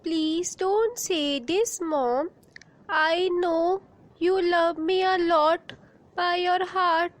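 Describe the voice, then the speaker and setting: A woman voicing a gentle, devout little girl who speaks slowly and earnestly. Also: extremely high pitch, heavily acted. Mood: tender.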